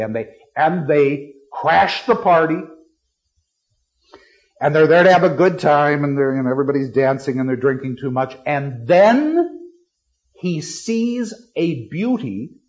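A middle-aged man teaching literature, lecturing with lively, dramatic delivery and acting out lines of verse. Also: a little high, muffled recording. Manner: animated, acts out lines dramatically.

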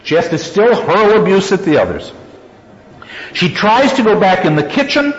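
A man's voice: sits high, sing-song, moderate pace. A man lecturing on a story he reads aloud, chuckling often and repeating phrases for emphasis, in an echoey, dull-sounding hall recording.

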